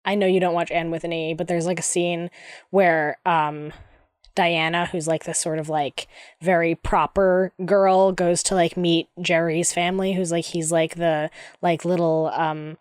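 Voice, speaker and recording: A woman's voice: on the low side, level tone, measured pace, smooth, dry recording, clean studio sound. A woman co-hosting a podcast, chatting casually about a book with lots of fillers and rambling asides. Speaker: podcast co-host. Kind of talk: casual book discussion chat.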